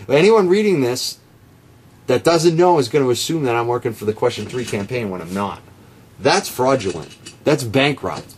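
A man's voice: medium pitch, breathy edge. A man delivering a combative, sarcastic rebuttal straight to camera, calling out his opponent by name. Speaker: marijuana reform activist. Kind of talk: direct-to-camera rebuttal rant.

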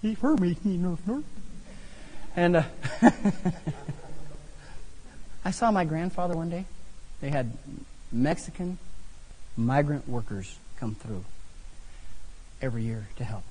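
A man preaching a sermon, telling funny personal stories with animated delivery. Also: a little high, slow pace, pauses often, a little hiss or hum. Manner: animated, humorous storytelling. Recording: long hall reverb.

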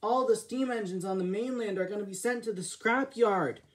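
A fretful male steam engine, played by a woman cries out in a raised, pleading voice. He sounds anxious and easily upset, like a character in a homemade storybook tale, and his voice is pitched well above plain speech. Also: moderate pace, close to an everyday voice.

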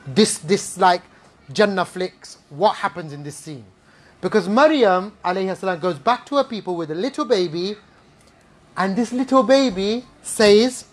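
A male preacher addresses a gathered audience. His delivery is animated and playful, and he keeps the room with rhetorical questions and quick asides. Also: high-pitched. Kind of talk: Islamic talk to a live audience.

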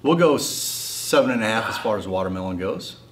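Lively low-voiced man rating snacks. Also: moderate pace. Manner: easygoing, rating foods aloud. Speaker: teacher. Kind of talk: casual taste-test chat. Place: school classroom. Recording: noisy background.

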